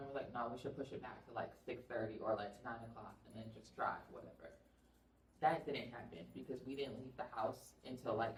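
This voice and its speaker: A woman vlogger telling a story to her viewers in a casual, animated way, laughing often. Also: extremely low pitch, a little hiss or hum. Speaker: family vlogger. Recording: roomy sound, mic at a distance.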